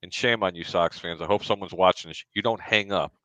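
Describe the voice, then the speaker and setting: A man's voice: low-pitched, brisk, pushed and bright, no room sound, lo-fi sound. A man co-hosting a casual sports talk show, giving blunt, opinionated rants as a Sox fan.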